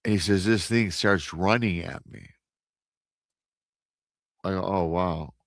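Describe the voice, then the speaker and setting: Low-voiced man telling a spooky story. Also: takes it slowly, dry recording, clean studio sound. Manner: animated storyteller, acts out quoted voices, many restarts. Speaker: guest storyteller on a paranormal radio show. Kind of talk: casual retelling of an encounter story.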